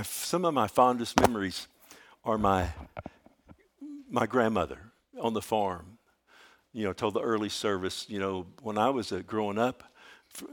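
An older man, preaching a sermon in a folksy storytelling way that swings from hushed to loud. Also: lowish voice. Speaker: pastor.

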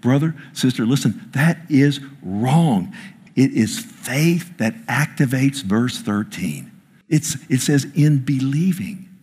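A man's voice: mid-range voice, expressive, slow, a little mellow, slightly rough. A man preaching a sermon to a congregation from a stage, emphatic, quoting scripture and calling out for amens. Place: church before a congregation.

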